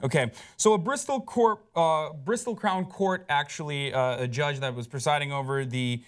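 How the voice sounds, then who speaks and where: Animated American man with a slightly high voice. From United States. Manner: animated, jokey, quick to riff. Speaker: co-host. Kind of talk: casual pop-culture chat.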